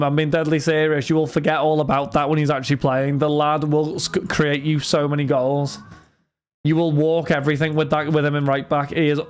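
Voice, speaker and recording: Chatty man hosting a live stream. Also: on the high side. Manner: chatty, addresses chat and viewers by name, frequent restarts. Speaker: livestream host running card breaks. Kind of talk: casual livestream chat.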